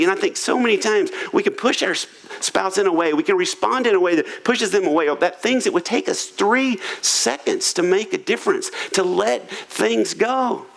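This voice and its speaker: Male pastor, sermon, slightly high voice, animated pitch, joking, conversational. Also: moderate pace, vocal fry, rough recording. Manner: humorous, conversational, self-deprecating. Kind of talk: sermon on marriage. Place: church auditorium.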